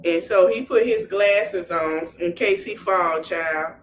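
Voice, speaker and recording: Speaking slowly in a lowish voice against a noisy background, a woman podcast host recaps scenes the he-said-she-said way. It's animated storytelling peppered with slangy remarks aimed at her listeners.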